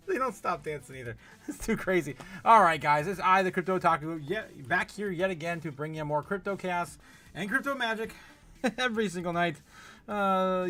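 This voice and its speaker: High voiced guy running a chill livestream, laughing a lot, rambling, saying hi to chat. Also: bright, forceful tone. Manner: laughs often, greets chat members by name, rambling with many fillers. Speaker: livestream host. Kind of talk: casual livestream chat reading viewer comments.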